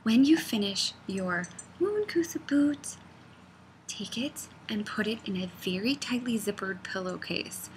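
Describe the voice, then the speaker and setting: A woman's voice: mid-range voice, animated, measured pace, slight background noise. A woman knitting designer chatting casually, rambling off on tangents and often dropping to a near-whisper. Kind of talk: casual vlog chat.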